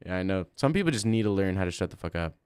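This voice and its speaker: Deadpan young male streamer, crude banter. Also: sits low, very fast, clear, resonant tone, no room sound, studio quality. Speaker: livestreamer. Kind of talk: casual livestream chat.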